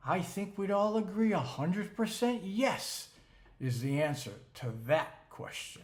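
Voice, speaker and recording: Give me a man narrating with slow, emphatic rhetoric, a bit high-pitched. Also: animated. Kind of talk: scripted narration. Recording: roomy echo.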